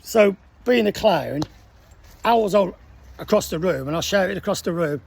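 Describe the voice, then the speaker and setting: A military veteran in his sixties tells a casual anecdote as a lively storyteller, acting out the voices of the people in it. His voice is high-pitched, creaky, and husky, at a moderate pace.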